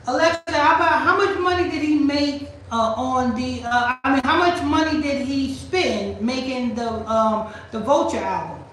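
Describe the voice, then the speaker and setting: High pitched lady ranting on her stream, repeats herself a lot, faint hiss in the background. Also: moderate pace, hardly any pauses. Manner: loud, rambling, repeats herself, questions a voice assistant. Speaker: channel host. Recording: echoey room, far from mic, faint noise.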